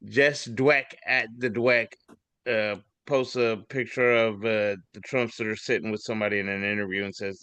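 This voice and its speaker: A man's voice: fairly low pitch, fairly even intonation, normal speed, fairly bright tone, clean tone, no room sound. A man co-hosting a casual podcast, reading memes aloud in a rambling, swearing, laughing way. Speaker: podcast co-host.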